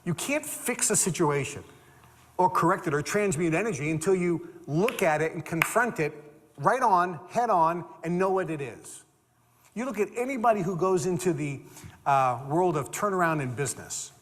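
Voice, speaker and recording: Guy doing a motivational talk, super lively up-and-down voice, emphatic, long hall echo. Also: high voice, normal speed. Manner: animated, emphatic, repeats phrases for stress. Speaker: motivational speaker.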